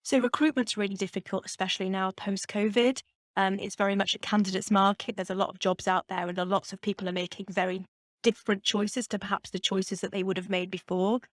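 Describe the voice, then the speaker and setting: A woman's voice: medium pitch, fairly even intonation, fairly quick, no room sound, studio quality. Confident Geordie woman, businesslike. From Newcastle, England. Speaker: brewery chief executive, guest. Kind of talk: business podcast interview.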